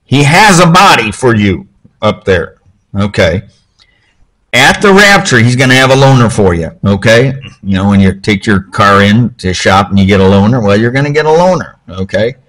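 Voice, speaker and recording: A man with a low voice delivers a sermon in a church. He talks in a loose, conversational way, often stopping to ask "okay?" and restarting his phrases. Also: animated, moderate pace, a bit bright. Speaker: pastor.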